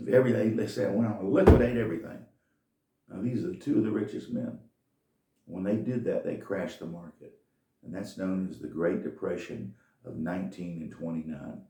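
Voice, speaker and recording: A man's voice: deep voice, fairly even intonation, moderate pace, vocal fry, dark tone, roomy sound, far from the mic. A man telling a folksy, rambling story in a casual monologue.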